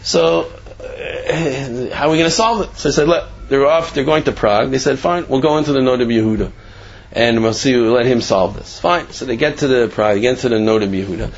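Conversational male Torah teacher with a husky voice who acts out the story's characters. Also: medium pitch, fairly quick, highs cut off. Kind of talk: Torah class with a told story.

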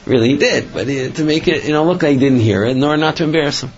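A man's voice: on the high side, fast, muffled recording. A man giving a religious storytelling talk, rambling with many restarts and filler phrases. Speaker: religious speaker.

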